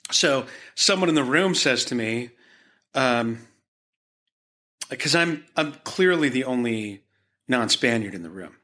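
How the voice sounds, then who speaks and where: Bright-voiced man telling a rambling story. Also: medium pitch, expressive, slow, long pauses. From Utah, United States. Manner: rambling, with frequent fillers and restarts. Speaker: podcast guest, art gallery owner. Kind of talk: conversational storytelling.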